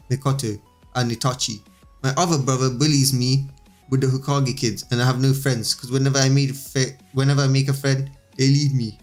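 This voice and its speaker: A man reading a lonely, bullied young girl, a little higher than his own voice. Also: close to an everyday voice.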